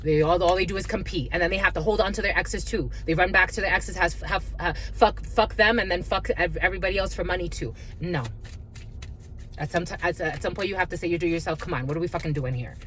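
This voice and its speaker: A woman's voice: on the low side, fast, a bit bright. A woman giving a spiritual card reading in a blunt, profane, heated rant. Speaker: tarot reader.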